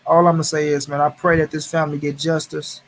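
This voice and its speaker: Man, livestream host, angry, profane, repetitive, slightly higher voice. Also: flat delivery, a little fast, a little hiss or hum. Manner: heated, profane, repeats phrases for emphasis; greets viewers in chat by name. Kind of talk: angry casual livestream commentary.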